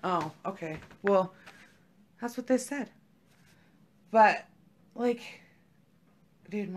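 A woman's voice: mid-range voice, very slow, pauses often. A young woman co-hosting a podcast, telling a story in a laid-back, profane chat full of "like". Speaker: podcast co-host. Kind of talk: casual chat.

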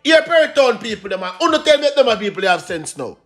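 A Jamaican man hosting online news, reading reports and breaking into lively patois commentary. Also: sits high, fast, soft background music. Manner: animated, switches between read news and banter.

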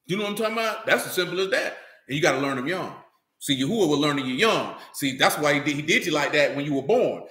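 A man preaches with a high, bright voice that swings through loose, street-style talk. He is recorded in an echoey hall, and his voice rings off the walls. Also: fast. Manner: loose, street-talking, animated, repeats "you know what I'm talking about". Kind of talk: animated sermon.

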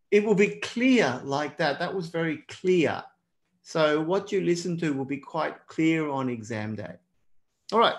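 An Australian man leads a live online exam lesson in a fairly high, bright voice. He reads the viewers' chat and praises them by name. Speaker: exam prep teacher.

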